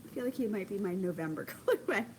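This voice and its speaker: A woman's voice: medium pitch, quick pace, background noise. Gushing chatty woman knitting podcaster. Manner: gushing, chatty, many ums, bursts of excitement. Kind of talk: casual chat. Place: home craft corner, indoors.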